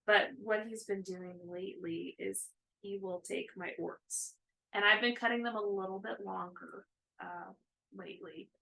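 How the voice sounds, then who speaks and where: Chatty woman with a gravelly edge. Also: mid-range voice, fairly even intonation, measured pace, sharp tone, low-quality recording. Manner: rambling, chatty, with many fillers. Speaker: co-host of a cross-stitch video chat. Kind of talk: casual chat.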